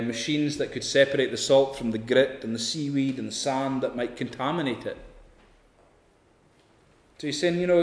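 A man preaching an evening sermon, emphatic, swinging from loud peaks to hushed lines. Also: medium pitch. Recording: echoey hall, long reverb.

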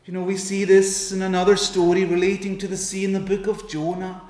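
Male preacher, high and even voice, slow earnest pleading sermon, roomy echo. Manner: earnest, pleading, with dramatic pauses and quoted prayers.

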